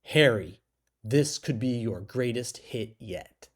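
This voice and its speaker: A man voicing an eager, pushy twelve-year-old girl with a high, beaming delivery in a comic story reading. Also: expressive, slow pace.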